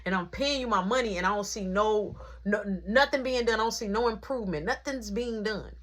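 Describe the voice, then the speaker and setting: A woman's voice: medium pitch, fairly quick, fairly bright tone. A woman telling a rambling work story in a casual, slangy way, acting out the back-and-forth of the people in it. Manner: slangy, rambling, acts out quoted dialogue.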